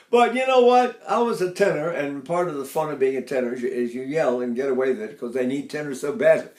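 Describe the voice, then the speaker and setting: A man's voice: mid-range voice, brisk, roomy sound. An older man teaching a voice lesson, who explains technique and breaks into sung phrases and sighs. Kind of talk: singing lesson with sung demonstrations.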